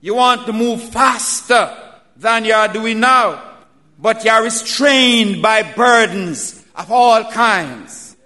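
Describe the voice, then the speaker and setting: A man preaching a sermon, slow and emphatic, building to loud calls. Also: high voice. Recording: reverberant hall.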